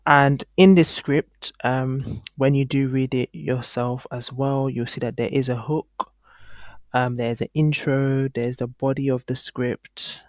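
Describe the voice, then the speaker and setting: A man's voice: mid-range voice, steady tone, slow, dry recording. Guy doing a chill screen tutorial, lots of ums, dry close mic. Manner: casual, thinking aloud with frequent ums. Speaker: online course instructor. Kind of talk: screen-recorded tutorial walkthrough.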